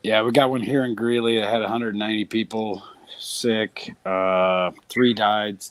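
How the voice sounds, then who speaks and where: A man's voice: on the low side, steady tone, unhurried, no room sound. Plain-spoken man on a dry mic. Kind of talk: casual live-stream chat.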